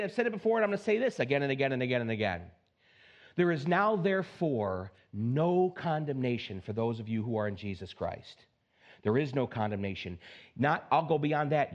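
A man preaching a sermon as pastor, emphatic, swinging from high exclaims down to low, slow stresses, with playful asides. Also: dull audio. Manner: playful asides, mock self-talk.

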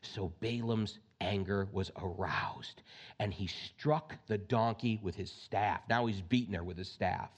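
A male pastor preaching a conversational sermon, reading scripture and breaking into lively asides. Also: lowish voice, unhurried, breathy edge.

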